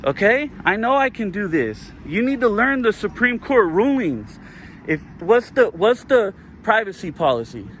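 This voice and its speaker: A man's voice: high voice, very animated, moderate pace, fairly bright tone, a little hiss or hum. A man filming police with a handheld camera outdoors, arguing heatedly and repeating his demands over and over. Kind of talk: heated street confrontation. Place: outdoors by a parking area.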